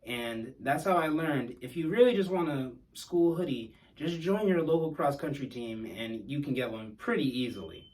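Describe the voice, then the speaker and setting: A man's voice: mid-range voice, moderate pace, few pauses, darkish tone, distant mic, poor audio. A man telling a personal story in a casual, wry, self-deprecating way.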